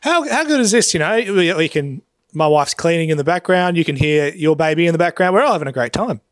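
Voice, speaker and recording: A man with a fairly high voice trading jokes on a podcast. He teases with quick interjections, and the recording is close and dry with no room sound. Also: lively intonation, dry recording. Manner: teasing, joking interjections. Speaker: podcast co-host. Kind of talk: casual podcast chat.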